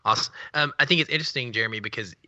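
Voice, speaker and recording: A man's voice: mid-range voice, racing, pushed and bright, dry recording, dull audio. A man co-hosting a casual chat podcast, speaking in a reflective, earnest way. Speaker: podcast co-host.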